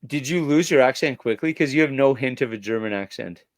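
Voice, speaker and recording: A man's voice: medium pitch, fairly quick, no echo. A man hosting a casual podcast interview, asking jokey, playful questions. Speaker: podcast host.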